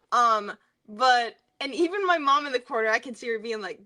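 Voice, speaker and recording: Bright-voiced chatty young woman. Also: a little high, a little fast. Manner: chatty, filler-heavy, laughs often while telling stories. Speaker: guest singer. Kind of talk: casual interview storytelling.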